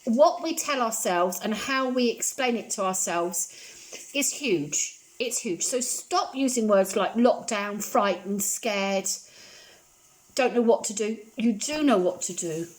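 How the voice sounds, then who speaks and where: A woman chatting casually while she cooks in her home kitchen, repeating gentle, reassuring phrases. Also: mid-range voice, lively intonation, unhurried. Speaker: home cooking vlogger. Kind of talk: casual chat while cooking.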